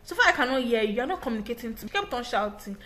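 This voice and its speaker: A young English teacher tells a personal story, her voice on the high side and her pace racing. She is casual, animated and emphatic, often restarting her sentences.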